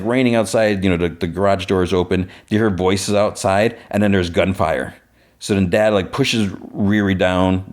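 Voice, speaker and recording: Low-voiced man rambling through a recap. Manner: rambling retelling with many "like" fillers and quick quoted lines. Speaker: podcast host. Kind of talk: casual episode recap.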